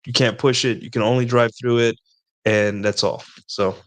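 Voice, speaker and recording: A man's voice: mid-range voice, fairly even intonation, normal speed, no echo. Man rambling through casual advice. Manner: rambling, repeats points with "right?" and "like". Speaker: host answering viewer questions.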